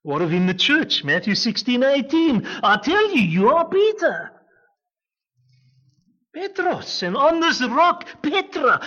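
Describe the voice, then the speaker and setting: A male pastor delivers a sermon slowly and deliberately, his pitch rising and falling widely. He swings from emphatic, near-crying peaks to hushed, low asides. The recording sounds dull and lo-fi. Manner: emphatic, with dramatic swings between loud and hushed. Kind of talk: expository sermon.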